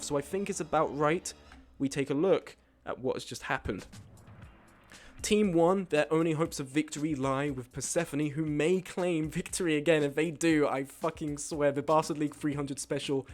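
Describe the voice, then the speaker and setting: A man hosting a live stream, reading out game events in casual commentary, excitable and swearing freely while joking with his chat. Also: fairly high pitch, moderate pace, faint music behind. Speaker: streamer host.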